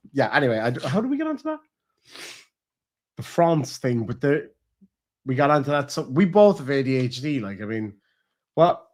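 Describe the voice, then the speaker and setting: A young man rambles through stories in a relaxed chat with his partner. He swears freely and acts out what people said. His voice sits at an ordinary pitch. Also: quick pace. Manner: swearing, rambling storytelling with acted quotes. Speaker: streamer host.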